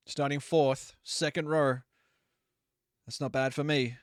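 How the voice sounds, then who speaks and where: A young man gives loose, chatty commentary on a live racing game stream, swearing freely and apologizing often. His mid-pitched voice is smooth, clean, and steady in tone, and he takes it slowly with long pauses. The sound is close and dry with no room around it.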